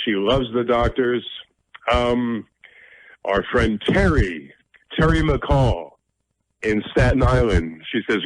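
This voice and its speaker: A man's voice: medium pitch, lively intonation, slow pace, dry recording, low-quality recording. A middle-aged man hosting a radio talk show, speaking bluntly and combatively, with a self-deprecating edge.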